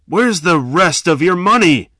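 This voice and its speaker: A man's voice: high voice, animated, extremely slow, sharp tone, no echo, studio quality, voice pushed up, exaggerated voice. A man voicing a portly young male armed robber who barks short demands and repeats them, in a spoken story. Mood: barking threats.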